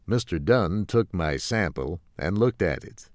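A man narrating a story slowly and clearly for English learners, in a measured, carefully enunciated way. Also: sits low, expressive, no room sound, studio quality.

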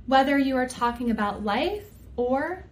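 A woman co-hosting a scripted grammar lesson, speaking clearly and deliberately. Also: sits high, expressive. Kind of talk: scripted educational dialogue.

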